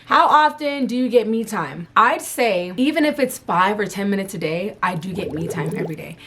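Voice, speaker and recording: A woman's voice: medium pitch, animated, normal speed, a bit bright, a little hiss or hum. A young adult woman at home answering viewer questions about motherhood in a candid, loose, casual chat. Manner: frank, candid, loose and chatty.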